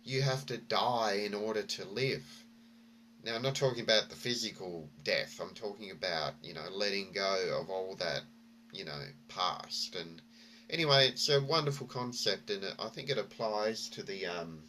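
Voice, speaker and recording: A man's voice: lowish voice, moderate pace, pushed and bright, a little hiss or hum. A man vlogging, telling a story and reflecting in a rambling way with many fillers and restarts.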